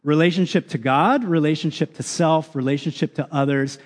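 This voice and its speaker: Pastor, young man, earnest sermon delivery with ums; slightly high voice, reverberant sanctuary. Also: brisk. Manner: earnest, reads scripture aloud with many ums. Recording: long reverb of a large hall.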